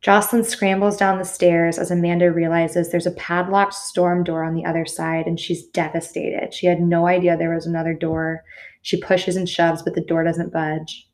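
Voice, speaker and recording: A woman's voice: fairly low pitch, little pitch movement, moderate pace, a little mellow. A woman hosting a podcast, casually recounting a true crime story with fillers and the odd curse. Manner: casual retelling with cursing and fillers. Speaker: podcast host.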